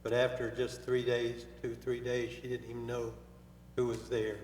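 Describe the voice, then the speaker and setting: An older man speaking haltingly and softly at a memorial for his late wife. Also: mid-range voice, monotone, a little hiss or hum. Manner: halting, hesitant, soft-spoken. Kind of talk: spoken remembrance at a memorial. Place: memorial service hall. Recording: echoey hall with long reverb.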